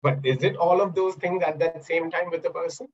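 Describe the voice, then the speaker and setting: A man's voice: fairly high pitch, fairly even intonation, fairly quick, highs cut off. A man coaching in a webinar over a video call, explaining by asking questions and acting out examples. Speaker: NLP coach and trainer. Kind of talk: webinar talk.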